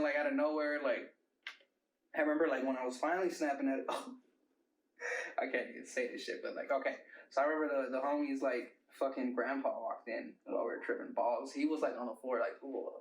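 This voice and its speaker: A young rapper and producer, appearing as a guest in a casual interview, spins a long, wild story full of cursing and rambling, packed with "like" and "bro." His voice is medium in pitch. The mic sits far back in a roomy space, and there's slight background noise.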